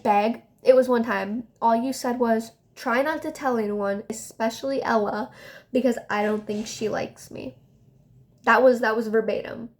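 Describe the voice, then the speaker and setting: A woman podcast host telling a story in a heated, sarcastic rant and reading out text messages in a mocking tone. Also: on the high side. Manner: heated and sarcastic, recounting a fight.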